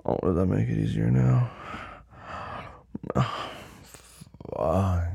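A man's voice: on the low side, extremely slow, creaky, warm tone, slightly rough, no room sound. A man performing a dominant audio role-play, commanding and teasing, sometimes dropping to a whisper. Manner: drops to a whisper at times.

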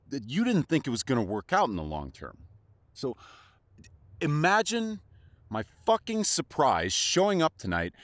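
A man's voice: mid-range voice, no echo. A man playing a jealous young secret lover in an audio role-play, swearing and stumbling over repeated words. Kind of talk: audio role-play addressed to a silent listener.

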